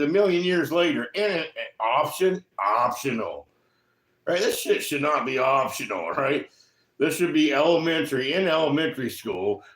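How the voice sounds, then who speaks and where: A man talking casually to the camera in a rambling, profane way, tagging most remarks with a quick "right?". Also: medium pitch, reverberant. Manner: profane, keeps asking "right?". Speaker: vlogger.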